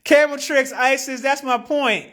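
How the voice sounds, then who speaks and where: Animated, slangy woman streaming live. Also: high-pitched, moderate pace. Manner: animated, slangy, laughs often. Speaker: livestream host. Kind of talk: casual live-stream commentary.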